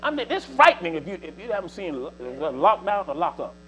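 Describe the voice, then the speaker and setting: A man in his seventies with a drawl preaches to his congregation in a high, animated voice that swoops up and down. He talks in a folksy, repeating way, leaning on little asides to drive each point home. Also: fairly quick, a little hiss or hum, rough recording. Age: 70s. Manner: folksy, repetitive, exhorting with 'see' and 'you know'. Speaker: church speaker. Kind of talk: preaching exhortation.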